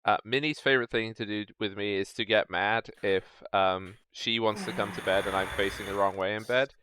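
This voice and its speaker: A man's voice: lowish voice, steady tone, brisk, pushed and bright, a little hiss or hum. A man hosting a streamed tabletop game as game master, chatty and joking. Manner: chatty, joking, self-correcting.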